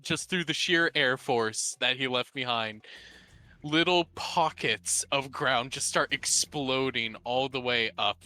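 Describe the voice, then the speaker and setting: A man narrating a tabletop game as game master, halting and often restarting his sentences. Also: mid-range voice, sharp tone.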